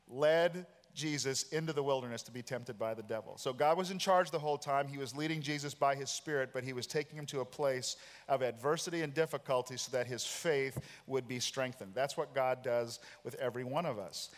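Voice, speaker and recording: A pastor in his forties preaching a sermon, telling a personal story with animated, self-deprecating humor. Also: mid-range voice, moderate pace. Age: 40s. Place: large church auditorium. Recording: church hall reverb.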